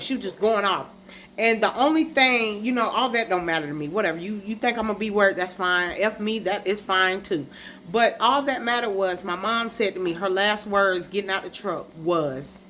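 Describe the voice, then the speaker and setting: A woman's voice: medium pitch, brisk, fairly bright tone, slight background noise. A woman hosting her own podcast, telling a personal story in a casual, upset way and often speaking straight to her viewers. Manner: dialect grammar, casual slang. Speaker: podcast host.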